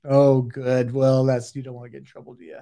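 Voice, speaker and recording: A man in his forties working as a stage hypnotist, giving repetitive suggestions that swing between loud and hushed. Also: mid-range voice, completely flat delivery, brisk. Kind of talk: live hypnosis demonstration.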